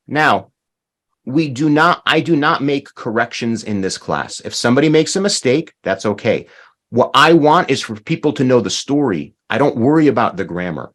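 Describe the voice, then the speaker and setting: Lively, emphatic language teacher man. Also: medium pitch. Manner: slow, emphatic modeling of words, repeats phrases. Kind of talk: online language class.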